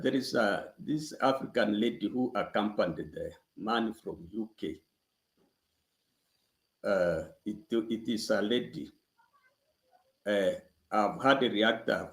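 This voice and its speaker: A man speaking cautiously and hesitantly, with many pauses and uhs. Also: fairly low pitch, reverberant, poor audio. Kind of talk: casual address.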